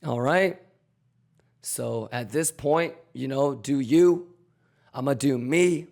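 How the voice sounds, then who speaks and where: Hoarse gravelly man hyping his stream. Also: medium pitch, slow. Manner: loud, swaggering, profane hype with chants. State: hoarse, voice almost gone. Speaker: trading livestream host. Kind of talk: hyped livestream chat. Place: home.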